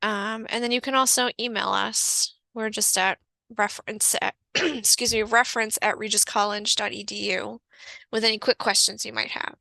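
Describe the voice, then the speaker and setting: A woman's voice: medium pitch, steady tone, normal speed, vocal fry, sharp tone, dry recording. A woman librarian giving a casual online orientation over a video call, chatty with many fillers. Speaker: college librarian.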